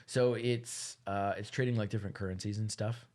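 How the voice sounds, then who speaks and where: A young man co-hosting a podcast, telling a rambling, relaxed story in casual chat. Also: on the low side, a little fast. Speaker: podcast co-host.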